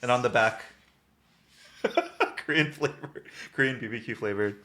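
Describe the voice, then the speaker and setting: A man's voice: medium pitch, measured pace, fairly bright tone. A man co-hosting a podcast in a casual, upbeat chat, laughing often. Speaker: podcast co-host.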